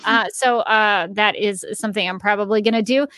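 A woman's voice: mid-range voice, steady tone, brisk, a bit bright, no echo, clean studio sound. A woman co-hosting a podcast in casual chat, chatty and giggly with lots of fillers. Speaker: podcast co-host.

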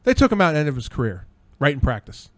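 A tipsy man hosts a podcast, rambling through excitable, profane stories. His voice sits a little high. The recording is dry and close. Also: racing, dry recording. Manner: excitable, swears freely, rambling anecdotes. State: tipsy from drinks. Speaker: podcast host. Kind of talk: casual podcast chat.

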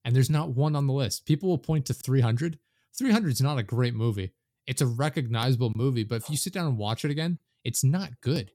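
A man hosting a casual podcast chat, giving his blunt opinions in a relaxed way. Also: medium pitch, fairly quick, dry recording, studio quality. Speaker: podcast host.

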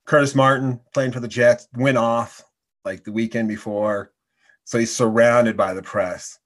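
A man hosting a casual chat, telling quick, excited anecdotes. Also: medium pitch.

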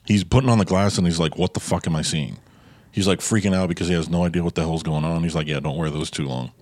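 A man with a very low voice talks through a movie on a podcast. He retells scenes and slips into the characters' lines as he goes. The sound is dry and close. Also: fast, darkish tone, dry recording. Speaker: podcast co-host. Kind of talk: casual film discussion.

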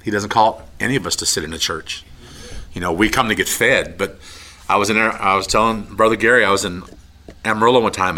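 A man speaks in a low, bright voice, sharing his testimony in an earnest, halting way. He leads the listener through a prayer with heartfelt sincerity. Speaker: trucker giving testimony.

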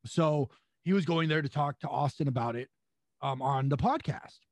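A young adult man, a pro wrestler guest, telling a long anecdote with lively acted-out quotes. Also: a little high, normal speed, dry recording. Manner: animated, acts out quotes with voices and laughs. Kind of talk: storytelling anecdote.

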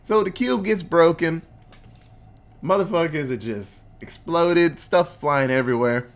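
A podcast co-host giving an excitable, profane, casual movie recap. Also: medium pitch, measured pace. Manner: excitable, profane, laughing often.

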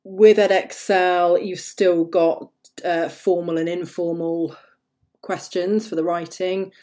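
A woman talks through her solo podcast in a low, mellow voice. She rambles loosely and wanders into asides as she goes. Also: little pitch movement, slow. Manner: chatty, rambling, full of asides and fillers. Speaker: podcast host. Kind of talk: casual solo podcast talk.

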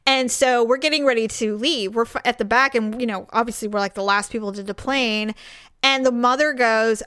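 Woman, higher voice, dry room; indignant animated storyteller in casual chat. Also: a little fast, smooth, no room sound.

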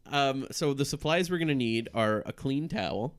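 A man's voice: mid-range voice, animated, normal speed. A man co-hosting a casual comedy podcast, reading out instructions and stumbling through Latin words. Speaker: podcast co-host.

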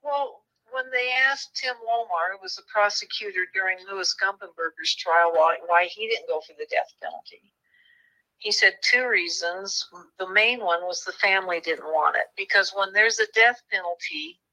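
Woman author, bright and forceful tone, earnest conversational storyteller. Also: medium pitch, moderate pace, low-quality recording. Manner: earnest storytelling, moved at times. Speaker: true crime author. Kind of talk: interview conversation.

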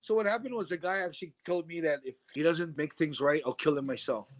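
A middle-aged man telling a story in a casual interview, animated and acting out the voices of the people he quotes. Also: a little high, quick pace. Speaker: interview guest.

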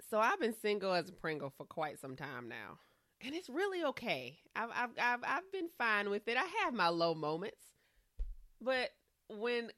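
A woman's voice: low-pitched, a bit bright, no echo, studio quality. A woman delivering a blunt, profane comedic rant as a podcast co-host.

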